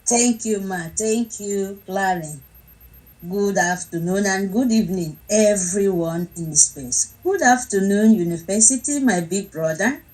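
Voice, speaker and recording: A woman's voice: mid-range voice, a little slow, a little mellow, poor audio. A woman from Nigeria taking part in an online group audio chat, effusively greeting people one by one. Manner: effusive, greets many by name. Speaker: participant in an online audio space.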